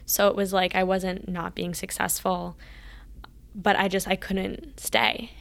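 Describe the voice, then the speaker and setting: An earnest woman recounts her college athletic years as an interview guest. Her voice carries a gravelly texture and moves within a narrow, even pitch range. She slips readily into reenacting past conversations. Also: unhurried. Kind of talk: casual interview storytelling.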